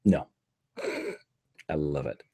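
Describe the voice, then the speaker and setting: A man's voice: very deep voice, slow pace, dark tone, husky. A man hosting a casual live stream, chatting loosely and hesitantly with lots of ums. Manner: rambling, hesitant, with many ums.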